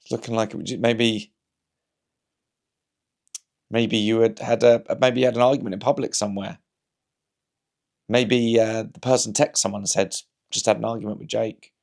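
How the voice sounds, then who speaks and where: A man's voice: on the low side, fairly even intonation, normal speed, vocal fry, long pauses, darkish tone. A man, a comedian, talking to camera in a casual rambling monologue, wry and anecdotal, often restarting his sentences. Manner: wry, anecdotal, talks himself through hypotheticals with frequent restarts. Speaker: comedian and vlog host.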